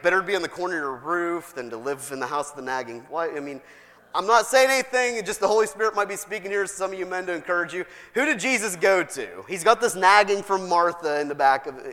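A man's voice: high voice, sharp tone. A male pastor preaching in a chatty, conversational way, often questioning the congregation and repeating his points. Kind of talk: conversational sermon. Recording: long reverb in a hall.

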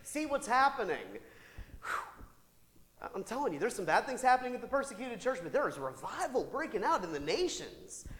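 Animated preacher man in echoing hall. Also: extremely high pitch, fast, hardly any pauses, slight background noise. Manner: animated, with rhetorical asides and laughter. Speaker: pastor. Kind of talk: sermon.

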